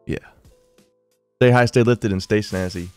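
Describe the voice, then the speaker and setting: A man's voice: lowish voice, unhurried, soft background music. A young man telling a funny story in a casual vlog, full of "dude" and "bro". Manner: slangy, lots of "dude" and "bro", animated retelling.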